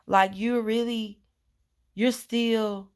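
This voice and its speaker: A woman's voice: a little high, fairly even intonation, extremely slow, clear, resonant tone. A woman vlogger talking earnestly and rambling, with many fillers and repetitions, in a casual heartfelt monologue.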